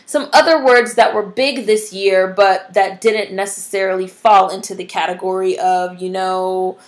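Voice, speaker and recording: A woman's voice: mid-range voice, steady tone, moderate pace. A young adult woman vlogging, ranting bluntly and profanely, full of "like" and "you know". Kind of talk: casual ranting commentary to camera.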